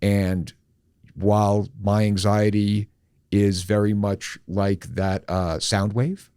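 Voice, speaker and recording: A middle-aged man tells a personal story on a podcast, candid and animated, with his pace lurching between slow and quick. His voice sits fairly low, and the close mic gives a dry sound with no room around it. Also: clean tone, dry recording. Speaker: podcast host.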